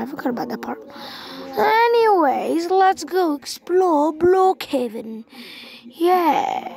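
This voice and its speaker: A woman giving casual let's-play commentary as a gaming vlogger, excitable and swearing a lot as she reacts loudly to the game. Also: sits high, gravelly.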